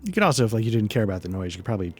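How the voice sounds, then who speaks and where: A man's voice: on the low side, very animated, very fast, soft background music. A man narrating a tabletop game as game master, rambling and hesitant with many fillers.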